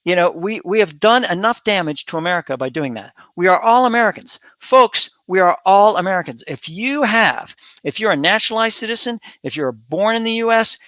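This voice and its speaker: A middle-aged man holds forth on his commentary channel in a bright, slightly high voice. He rambles, repeats phrases and stops to restart, filling gaps with "um" and "you know." The sound is close and dry, with no room around it. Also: no echo. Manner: rambling, repetitive, with many fillers and restarts. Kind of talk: opinion monologue.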